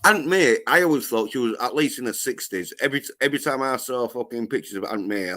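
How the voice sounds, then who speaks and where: A man co-hosting a casual podcast, talking haltingly and swearing constantly. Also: medium pitch, lively intonation, sharp tone. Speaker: podcast co-host. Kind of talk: casual crude banter.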